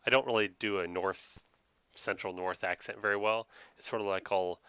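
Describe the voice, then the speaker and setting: A man's voice: deep voice, fairly even intonation, normal speed, pushed and bright, clean tone, dry recording. A man narrating a tabletop game as game master, with casual, self-deprecating asides.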